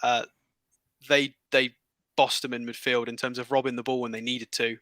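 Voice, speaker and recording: A man going through match statistics in a careful, halting manner, filling gaps with ums and uhs. His voice is bright and sharp, and the sound is dry. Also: mid-range voice, little pitch movement, no echo, poor audio. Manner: careful and halting, many fillers. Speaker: stats analyst co-host. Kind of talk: casual football analysis chat.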